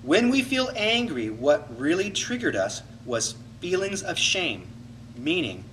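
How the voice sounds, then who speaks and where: A man's voice: on the high side, measured pace, recorded from a distance, slight background noise, rough recording. A man coaching a class in a reflective teaching talk, acting out inner voices to make his points. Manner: animated, acts out inner voices to illustrate.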